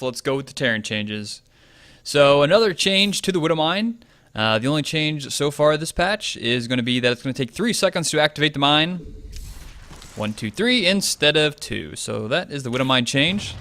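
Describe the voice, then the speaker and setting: Male game host, bright voice, dry close sound, casual chatty commentary with fillers. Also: on the high side, expressive, normal speed, no room sound. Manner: chatty, thinking aloud with fillers. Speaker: gaming video host.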